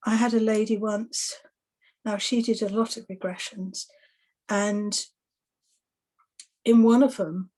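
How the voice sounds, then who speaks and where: A woman's voice: medium pitch, takes it slowly, pauses often. A woman who works as an exorcist and soul rescuer, casually telling anecdotes about her past client sessions. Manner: relaxed, chatty, recounting past client sessions.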